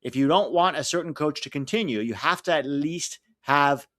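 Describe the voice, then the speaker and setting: A man's voice: fairly high pitch, moderate pace, a bit bright, dry recording, clean studio sound. Chatty American man hosting a stream. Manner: chatty, reads out lineups and chat messages. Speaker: live stream host. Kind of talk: casual live watch-along chat.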